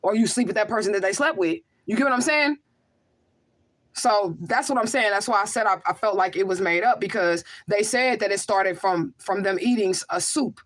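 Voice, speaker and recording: Speaking briskly with few pauses in a medium-pitched voice, a woman hosts a casual livestream. She's a spiritual medium who reads viewers' comments out loud and responds in an emphatic, rhetorical way, often asking "okay?".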